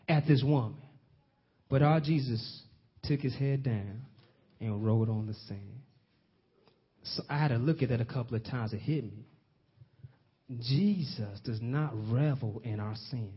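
A man's voice: mid-range voice, expressive, moderate pace, pauses often, slightly rough. A man preaching a sermon, telling the story and stretching out key phrases, often asking the congregation questions. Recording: dull lo-fi audio.

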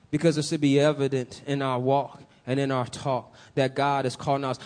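A man's voice: on the high side, darkish tone. A man preaching a sermon, building emphasis in swells and putting questions to the congregation.

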